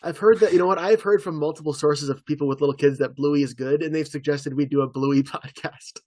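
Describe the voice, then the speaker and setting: Guy cohosting a podcast, rambly and chatty, voice a bit high, dry close sound. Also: steady tone, darkish tone, no echo. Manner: rambling, quick asides. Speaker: podcast co-host. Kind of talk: casual chat.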